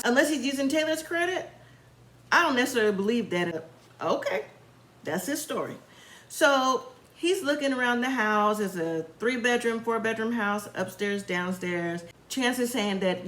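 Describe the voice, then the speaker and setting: A woman's voice: mid-range voice, fairly bright tone, echoey room. A woman casually retelling a reality show episode, chatty and opinionated, acting out what the people said. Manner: chatty storytelling, acting out quotes. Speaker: reality show recap host. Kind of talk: casual recap commentary.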